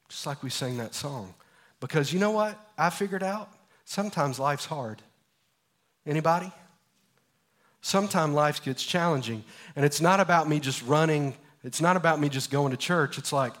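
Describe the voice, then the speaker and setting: A pastor in his forties preaches in a church, his slightly high voice climbing during lively stories. He then drops to a quiet, earnest hush to drive his points home. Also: moderate pace. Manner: animated storytelling, swinging from loud to hushed. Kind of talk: sermon.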